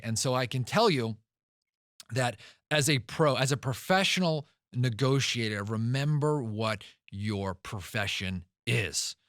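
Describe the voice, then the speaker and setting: A man's voice: mid-range voice, a bit bright, no echo, clean studio sound. A man hosting a podcast who talks emphatically, tells stories and repeats words for stress. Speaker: podcast host and real estate investor. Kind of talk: podcast monologue.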